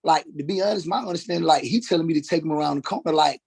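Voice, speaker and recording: A man testifying as a witness in a courtroom, halting and repeating words as he goes. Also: on the high side, vocal fry, darkish tone, breathy edge. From Atlanta, Georgia, US.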